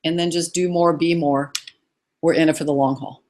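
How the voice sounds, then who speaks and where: A woman's voice: low-pitched, fairly even intonation, normal speed, darkish tone. A middle-aged woman speaking as a guest on a live video call interview, earnest and encouraging, running through lists of ideas. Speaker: guest expert.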